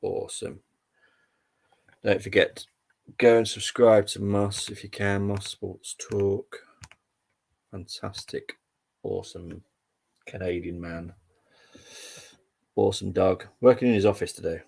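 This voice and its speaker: A young man hosts a casual live football stream, rambling through score updates with plenty of ums and restarts. His voice is low, gravelly with heavy fry, and a bit husky. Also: steady tone, slow pace, long pauses, a little mellow. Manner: rambling, chatty, full of fillers and restarts. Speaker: livestream football update host.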